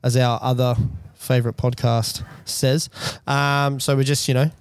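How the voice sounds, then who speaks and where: A man's voice: medium pitch, level tone, a little slow, clear, resonant tone, dry recording. A young man co-hosting a podcast, chatting casually with jokey banter. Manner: laid-back, jokey banter. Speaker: podcast co-host. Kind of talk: casual chat.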